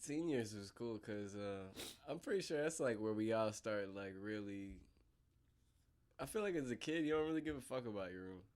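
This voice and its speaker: A man's voice: lowish voice, lively intonation, moderate pace, darkish tone. Laid-back young man telling stories. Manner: laid-back slangy storytelling. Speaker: podcast host. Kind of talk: casual chat.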